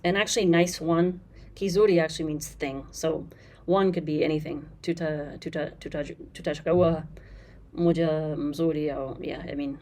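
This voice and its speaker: In a relaxed Swahili lesson commentary, a woman explains patiently, repeats phrases slowly with fillers, and speaks frankly about bad translations. Her voice is deep and darkish with fairly even intonation, and there's slight background noise.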